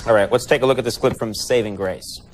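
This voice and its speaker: A man's voice: mid-range voice, quick pace. A man hosting a talk show interview, wry and dry-humored. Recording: TV studio with audience noise.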